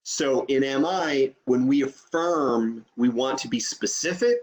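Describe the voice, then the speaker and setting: A man's voice: mid-range voice, a little slow. A man teaching an online training session over a video call, explaining step by step and checking in with "okay?".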